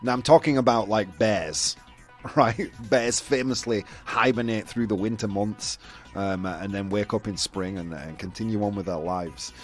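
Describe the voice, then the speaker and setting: A man's voice: lowish voice, a little slow, soft background music. A young man from the UK hosting a casual chat show, rambling with lots of fillers and restarts. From United Kingdom. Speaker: host.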